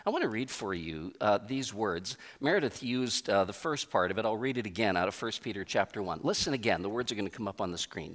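A man preaching a sermon as pastor, emphatic, with pauses and repeated phrases. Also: lowish voice, lively intonation, a bit bright. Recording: long reverb of a large hall.

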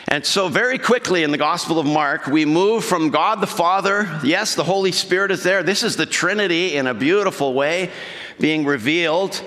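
A man's voice: fairly high pitch, moderate pace, sharp tone. A male pastor preaching a sermon in a church, talking conversationally and putting questions to the congregation. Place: church sanctuary. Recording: long hall reverb.

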